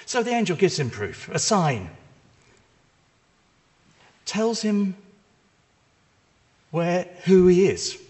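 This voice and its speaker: A man preaching a sermon, retelling a story in a lively, conversational way with casual asides. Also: sits high, takes it slowly, pauses often. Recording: long reverb of a large hall.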